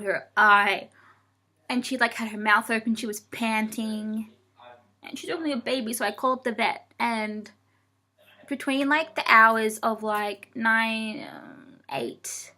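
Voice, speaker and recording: A young woman tells a long story to camera in a casual vlog. Her voice sits a bit high and sounds bright and sharp. She rambles, swears freely and keeps breaking off to scold her cat. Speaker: vlogger.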